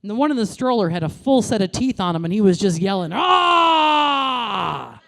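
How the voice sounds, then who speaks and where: A New York-born woman comedian in her thirties delivers a brash, crude stand-up routine into a stage mic, landing animated punchlines. She speaks quickly at a medium pitch.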